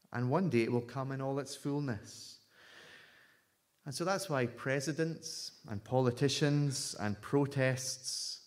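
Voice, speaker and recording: Male preacher, sermon, slow deliberate delivery, emphatic, mid-pitched voice. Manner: measured, emphatic preaching with a story read aloud.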